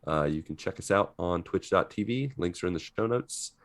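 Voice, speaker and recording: Deep-voiced man, upbeat podcast co-host. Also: expressive, moderate pace, dry recording, studio quality. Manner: upbeat, jokey, wraps up the show. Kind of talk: casual chat.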